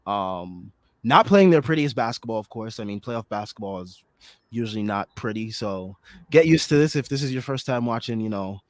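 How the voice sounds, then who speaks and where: Dude hosting a postgame hoops show, chatty, kinda hoarse, dry close mic. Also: male voice, fairly low pitch, normal speed, dry recording. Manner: chatty, many fillers, excitable. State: partly hoarse from screaming. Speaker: podcast host. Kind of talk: casual postgame basketball talk.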